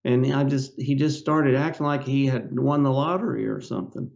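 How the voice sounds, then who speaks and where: An older man with a gravelly voice tells a personal story as a podcast guest. His telling is halting and rambling, and he stops often for fillers. The audio is a bit dull and lo-fi. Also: medium pitch, a little mellow. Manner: rambling, halting, with many "you know" fillers. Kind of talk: personal storytelling in a casual interview.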